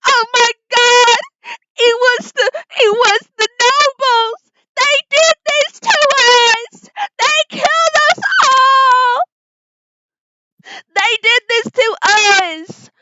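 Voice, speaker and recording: A woman's voice: extremely high pitch, very slow, a bit bright, a little hiss or hum, voice pushed up, exaggerated voice. A woman voicing a frantic old woman just raised from the dead, wailing accusations through tears. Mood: hysterical. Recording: dull lo-fi sound.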